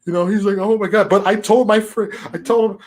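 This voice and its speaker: A man hosting a casual livestream chat, talking in a profane, animated way and slipping into mocking impressions. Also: sits high, brisk. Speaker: channel host.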